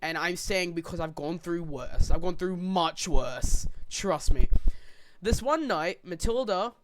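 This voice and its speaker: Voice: medium pitch, animated, measured pace, a little hiss or hum. Young rambling storyteller. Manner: rambling, swears freely, laughs through the story. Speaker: podcast co-host. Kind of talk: casual storytelling chat.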